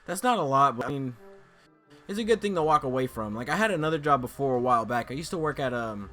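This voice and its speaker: A man's voice: mid-range voice, fast talker. Young man, vlogger, rambling storyteller, casual, faint background music. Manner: rambling, animated, acts out quoted voices.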